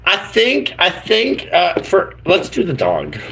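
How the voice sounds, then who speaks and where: Man, YouTuber, high voice, gravelly, silly rambling live chat. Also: huge pitch swings, slow pace, a bit bright, a little hiss or hum, rough recording. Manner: silly, rambling, full of made-up words. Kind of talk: goofy casual live-stream chatter.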